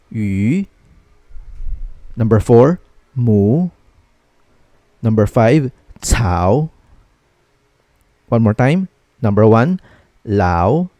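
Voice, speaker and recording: A man's voice: medium pitch, warm tone, no echo, clean studio sound. A man teaching pronunciation in a video lesson, patient and repetitive, often checking in with "okay?" as he drills syllables one by one. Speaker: Mandarin tone teacher.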